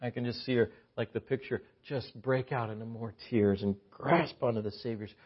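A man preaching a sermon, shifting from quiet storytelling to loud, impassioned exhortation. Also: medium pitch, fairly even intonation, moderate pace, husky, lo-fi sound.

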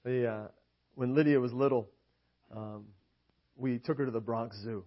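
A man's voice: mid-range voice, fairly even intonation, moderate pace. A young to middle-aged man preaching a sermon in an emphatic way, often checking in with the congregation and reading scripture aloud. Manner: rhetorical, keeps asking "right?". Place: church meeting hall. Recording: dull lo-fi recording.

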